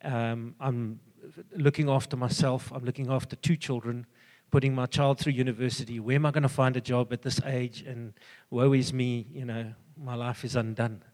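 An older man giving an earnest, halting personal testimony full of fillers and restarts. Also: medium pitch, fairly even intonation, darkish tone, big-room sound. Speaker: church member giving a testimony.

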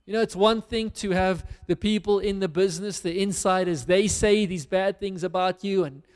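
High-voiced pastor preaching in a hall. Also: male voice, normal speed, a little mellow, clean tone. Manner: earnest, reads scripture then applies it to listeners. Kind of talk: sermon.

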